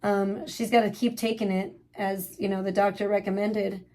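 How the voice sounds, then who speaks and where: A woman's voice: mid-range voice, little pitch movement, moderate pace, dark tone. A woman hosting a livestream, giving blunt, profane commentary in casual, rambling talk. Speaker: livestream host.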